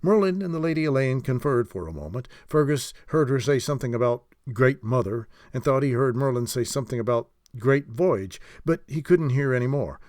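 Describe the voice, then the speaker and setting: Male storybook narrator, animated delivery, dry close recording. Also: medium pitch, fairly quick, hardly any pauses, no room sound. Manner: expressive storytelling. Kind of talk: audiobook narration.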